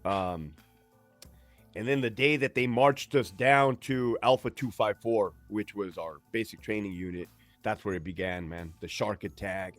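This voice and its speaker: A man's voice: lowish voice, unhurried, fairly bright tone, no echo, soft background music. A man in his forties from California, telling his story as a guest in a casual, slangy, profane way. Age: 40s. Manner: laid-back, slangy, profane. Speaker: guest, army veteran.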